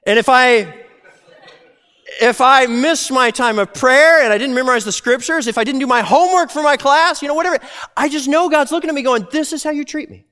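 A man preaching a sermon in a conversational, animated way, slipping into quick voiced asides. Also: extremely high pitch, clear, resonant tone. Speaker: pastor.

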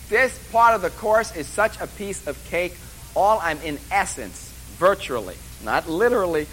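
A man's voice: a little high, bright, forceful tone, a little hiss or hum, rough recording. A man lecturing a class at a course orientation, rambling and joking with emphatic asides. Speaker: college instructor.

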